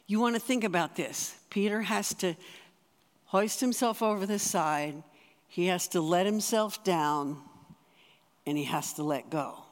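An earnest speaker preaching in a relaxed, conversational way, stumbling and restarting phrases as ideas come. The voice sits in a middling pitch. A long reverb trails each phrase, as in a large church. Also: a little slow. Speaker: spiritual director giving a talk. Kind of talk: sermon.

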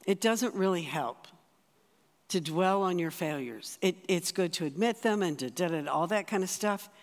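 An earnest speaker preaching in a relaxed, conversational way, stumbling and restarting phrases as ideas come. The voice sits in a middling pitch. A long reverb trails each phrase, as in a large church. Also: normal speed. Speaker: spiritual director giving a talk. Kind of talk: sermon.

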